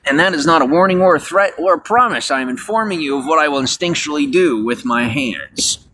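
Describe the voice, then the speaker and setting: Young male vlogger with a rambling delivery that drops low and then jumps up high, over a faint hiss. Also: lively intonation, a little fast, rough recording. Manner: rambling, swings between mumbling and loud high outbursts. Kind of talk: rambling solo vlog monologue.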